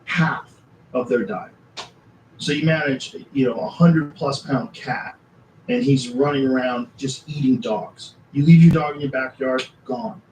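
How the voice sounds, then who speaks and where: A man's voice: medium pitch, measured pace, darkish tone. Emphatic man chatting in an echoey room. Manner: matter-of-fact, emphatic, tells his own encounters. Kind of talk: casual chat. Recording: roomy, distant mic with faint ambient noise.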